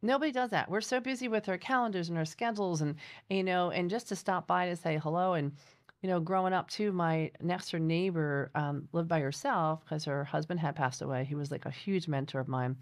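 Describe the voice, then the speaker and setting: A woman hosting a casual interview, an animated storyteller who acts out the voices of people she quotes. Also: lowish voice, a little fast. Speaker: podcast host.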